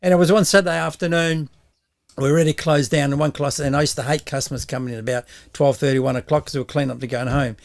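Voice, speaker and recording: Gravelly older Australian man telling stories. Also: a little high, steady tone, fast talker. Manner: rambling, laughs often while telling stories. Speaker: guest. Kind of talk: casual storytelling chat.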